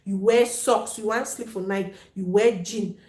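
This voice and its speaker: In an echoey room, a woman hosting a live chat stream talks casually with viewers in a steady, slightly mellow mid-range voice, unhurried. She's frank and playful, laughs often, and mixes Pidgin into her English.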